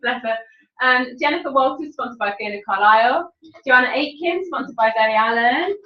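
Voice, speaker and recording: A woman presenting team recognitions at a sales meeting, bubbly and quick to laugh. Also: fairly high pitch. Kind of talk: announcing awards at a meeting. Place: training room with audience. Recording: distant echoey room mic, dull.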